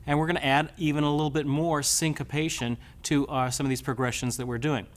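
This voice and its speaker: A man's voice: fairly high pitch, fairly even intonation, fast. A man teaching a guitar lesson step by step, patiently counting beats aloud as he plays. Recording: loud guitar under the voice. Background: his own guitar playing.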